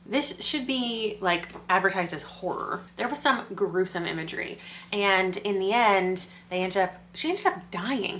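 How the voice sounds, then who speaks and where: A young adult woman chatting casually as a book vlogger, animated and quick with asides, laughing often. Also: medium pitch, a little hiss or hum. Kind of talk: casual chat.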